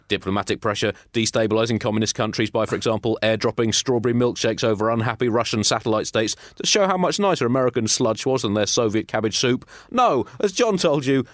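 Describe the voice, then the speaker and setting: A man's voice: mid-range voice, dry recording, clean studio sound. A man co-hosting a comic podcast, rambling and self-mocking, chuckling through his jokes. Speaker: podcast co-host.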